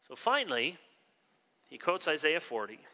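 A man preaching a sermon, animated, acting out the quoted dialogue of his story. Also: fairly high pitch, normal speed. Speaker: pastor. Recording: long reverb of a large hall.

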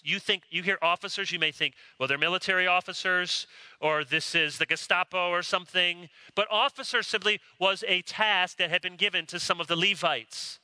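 A man preaching a sermon, animated, acting out quoted voices as he explains a Bible passage. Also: high voice, no room sound. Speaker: pastor.

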